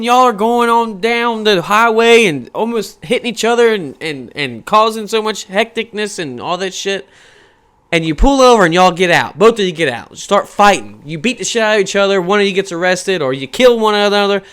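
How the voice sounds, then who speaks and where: A man's voice: high-pitched, clean tone. A man in his thirties ranting on a casual podcast, swearing freely and firing off rhetorical questions. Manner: profane, animated, rhetorical questions. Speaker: podcast host. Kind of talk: casual rant.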